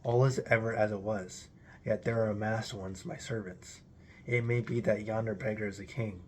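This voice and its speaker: A man's voice: lowish voice, steady tone, normal speed, a little mellow, slight background noise. A man giving a solemn, declamatory recitation of an archaic religious text in an intoned delivery. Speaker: reader.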